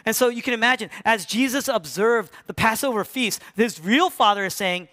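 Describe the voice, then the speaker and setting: A man preaching a sermon. He acts out voices from the story and drops from loud emphasis to hushed near-whispers. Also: high-pitched, normal speed, few pauses. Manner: acts out quoted voices of Mary and Jesus. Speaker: pastor.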